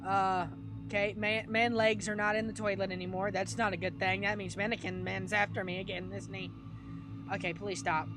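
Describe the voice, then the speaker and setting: A woman does let's play commentary on a horror game over game music, her mid-range voice holding a fairly flat pitch at a moderate pace. She's panicky, laughing and screaming while repeating pleas again and again.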